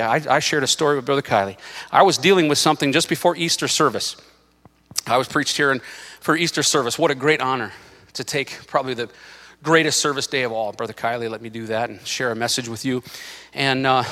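A man's voice: mid-range voice, sharp tone. A male pastor preaching a sermon in a church, emphatic and impassioned with lots of repetition. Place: church sanctuary.

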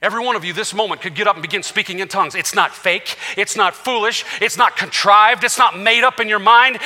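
A man's voice: very high voice, sharp tone. A man preaching a passionate sermon as senior pastor to a church congregation, quoting scripture. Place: church sanctuary with live congregation. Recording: reverberant hall.

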